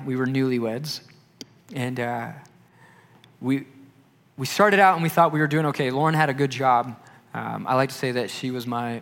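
A man's voice: mid-range voice, a bit bright. Conversational man preacher in a reverberant hall. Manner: conversational storytelling, acts out quotes. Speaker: pastor. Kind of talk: sermon.

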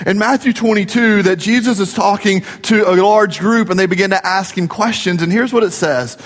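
A middle-aged man preaches with a high, light voice, mixing jokes and family stories into his sermon. His words ring out with a long hall reverb around them. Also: normal speed. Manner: jokey, storytelling preacher. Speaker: pastor.

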